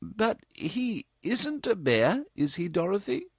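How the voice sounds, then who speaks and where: A gentle, old-fashioned mother in a storybook speaks slowly and earnestly, with mild reproach, as a male narrator voices her. Her voice is lifted high. The recording is dry and close. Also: sing-song, breathy edge, no room sound, full character voice. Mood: gently reproving. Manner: slow, earnest, mildly reproving. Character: gentle, proper older mother.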